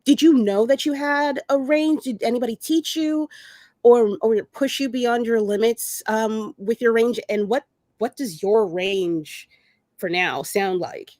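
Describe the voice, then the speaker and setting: A woman's voice: a little high, a little slow, darkish tone, no room sound. Hesitant woman co-host, dry sound. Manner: hesitant, chatty, many ums. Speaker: co-host and voice actress. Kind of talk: casual chat.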